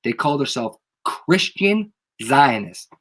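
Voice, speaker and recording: Guy with a stuffy cold ranting on a home mic, slangy, repeats everything, mid pitch. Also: big pitch swings, slow, a bit bright. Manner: loose, emphatic, repeats phrases, slangy. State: has a head cold. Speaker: channel host. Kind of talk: casual livestream rant.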